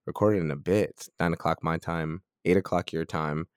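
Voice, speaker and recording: A man's voice: low-pitched, steady tone, moderate pace, smooth, dry recording, clean studio sound. A man co-hosting a health podcast, chatting casually and laughing often. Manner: laughs often, loose and joking. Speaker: podcast co-host, strength coach.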